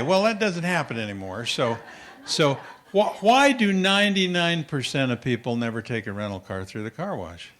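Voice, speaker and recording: An older man giving a parenting talk at a conference, telling lively anecdotes to an audience and acting out his son's voice. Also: mid-range voice, normal speed. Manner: animated storyteller, acts out his child's voice. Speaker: parenting speaker.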